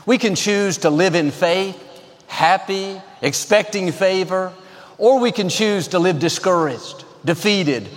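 A man's voice: sits high, big-room sound. A man preaching a sermon as pastor, upbeat and emphatic, telling a joke to the congregation.

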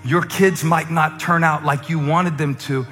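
A man preaching a sermon as a humorous, conversational story, with fillers and quick asides. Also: on the high side, fairly even intonation, a bit bright. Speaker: pastor. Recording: echoey hall with faint music.

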